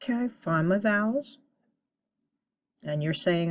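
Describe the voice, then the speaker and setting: In a recorded phonics lesson for young children, a teacher with a fairly low, darkish, animated voice keeps things upbeat. She deliberately sounds out every single sound.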